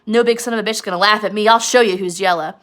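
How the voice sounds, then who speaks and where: A woman's voice: mid-range voice, fairly even intonation, rapid-fire, fairly bright tone, natural voice. A woman voicing a hotheaded young man, the boss's son, picking a fight while retelling a story. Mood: angry taunting.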